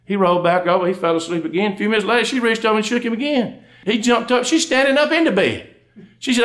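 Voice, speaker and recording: Brief: middle-aged Southern man, quick folksy stand-up storyteller, slightly high voice. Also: lively intonation, a bit bright. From Georgia, USA. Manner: folksy drawl, quick storytelling, acts out both spouses in dialogue. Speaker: comedian and undertaker. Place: live stage before an audience.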